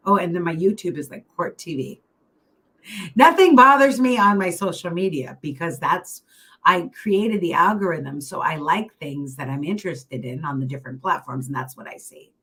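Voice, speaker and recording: A middle-aged woman speaks in a low voice, chatting through a motivational talk. She sounds encouraging and conversational and keeps checking in with her listeners through friendly asides. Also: a bit bright, slight background noise, low-quality recording. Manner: chatty and encouraging, with many asides and filler phrases. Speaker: keynote mindset speaker. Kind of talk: casual motivational talk to an online audience.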